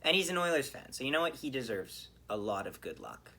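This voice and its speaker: Bright-voiced man ranting about hockey. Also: mid-range voice, a little fast. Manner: animated, swearing, ranting. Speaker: podcast host. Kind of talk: solo hockey game reaction.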